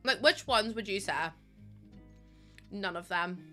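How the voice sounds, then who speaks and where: A woman's voice: mid-range voice, unhurried, pushed and bright, soft background music. A young woman, chatting casually on a live stream, laughing often and answering chat from a room at home.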